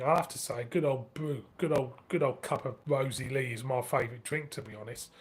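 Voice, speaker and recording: A man's voice: on the high side, fairly bright tone. A middle-aged man with a northern English accent, chatting casually on a live stream, laughing often and swearing freely. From northern England. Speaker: beer review channel host.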